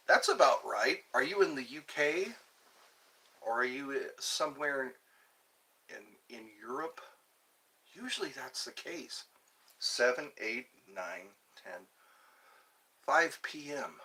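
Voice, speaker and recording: A middle-aged man from the United States hosting a casual livestream, slowly rambling and reading out viewer comments. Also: medium pitch, big pitch swings, bright, forceful tone. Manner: slow, rambling, chatty. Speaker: livestream host.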